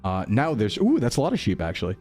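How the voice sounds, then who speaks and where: A man's voice: lowish voice, huge pitch swings, fast, a little mellow, faint music behind. A young man rambling through casual gameplay commentary, jokey and self-mocking. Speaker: streamer.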